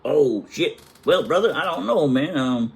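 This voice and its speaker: A man doing a gruff teasing old uncle. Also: medium pitch, fairly even intonation, very fast, pitched above the performer's own voice, natural voice. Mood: mocking. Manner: gruff ribbing. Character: teasing older uncle mocking a boy.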